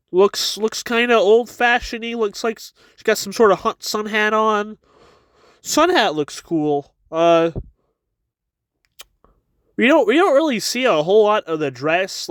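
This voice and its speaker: A man's voice: high voice, a bit bright, dry recording. A man giving a casual chapter review with wry asides, often stammering and repeating his words.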